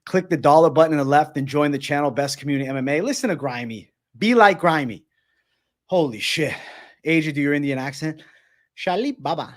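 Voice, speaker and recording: A man hosting a live stream, talking casually and loudly to his viewers, swearing a lot while he shadowboxes and gets out of breath. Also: fairly high pitch, expressive, fairly quick. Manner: hyped, profane, shouting out viewers.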